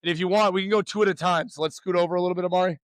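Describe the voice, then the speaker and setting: A man coaching young pitchers through a warm-up, loud and upbeat, teasing the players between drills. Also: fairly even intonation, rapid-fire, dry recording, studio quality.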